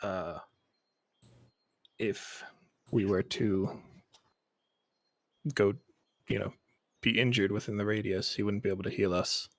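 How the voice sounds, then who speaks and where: A man playing a tabletop game, talking things through in a deliberate, thoughtful way. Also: fairly low pitch, little pitch movement. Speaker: player.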